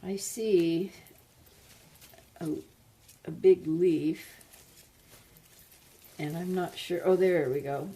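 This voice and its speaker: A woman's voice: fairly low pitch, extremely slow, pauses often, warm tone, slightly rough. A woman unboxing plants in a casual vlog, gushing and exclaiming over each one as she chats. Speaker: plant vlogger.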